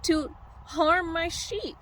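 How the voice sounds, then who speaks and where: A woman's voice: very high-pitched, slow pace, heavily acted. A woman playing a tender, grieving shepherd. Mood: anguished. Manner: pleading, softly urging.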